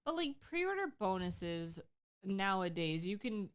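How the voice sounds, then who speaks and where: A woman's voice: mid-range voice, sing-song, slow pace, clean tone. A woman co-hosting a casual livestream, chatting candidly and laughing lightly as she talks. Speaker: livestream co-host.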